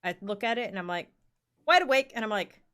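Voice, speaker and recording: A woman's voice: medium pitch, expressive, a little fast, pushed and bright, clean tone. A woman in her forties telling a rambling work story in casual chat, full of fillers and the odd swear word. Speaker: podcast co-host.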